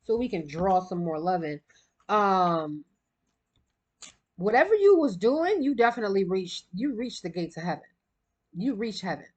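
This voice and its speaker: A woman's voice: lowish voice, slightly rough. Chatty, breathless woman reading cards. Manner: chatty, rambling, quick bursts of laughter. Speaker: tarot card reader. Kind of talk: casual spiritual card reading.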